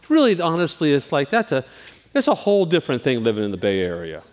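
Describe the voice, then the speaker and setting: A man preaching an informal sermon in a candid, self-deprecating way. His voice sits high and swings widely in pitch. The sound rings with a long reverb, as if in a large church hall. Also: big pitch swings, a little fast, fairly bright tone. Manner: candid, self-deprecating, chatty with frequent restarts. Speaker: pastor.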